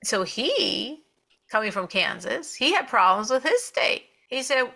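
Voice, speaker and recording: A woman hosting a talk, telling a story in an animated, expressive way. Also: fairly high pitch, a little slow, gravelly. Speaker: host.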